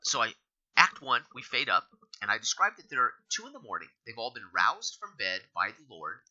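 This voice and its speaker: A man's voice: medium pitch, wildly swooping pitch, moderate pace, pushed and bright. A man acting as game master, recapping a tabletop game session in rambling storytelling with many fillers. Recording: dull lo-fi recording.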